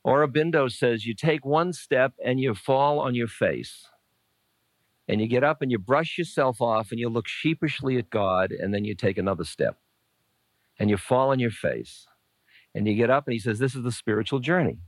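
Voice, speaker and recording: This spiritual teacher, a man in his sixties, has a medium-pitched voice with lively intonation and a moderate pace, recorded dry. Taking audience questions at a live dharma talk in a lecture room, he's playful and searching, dropping chuckles and asides.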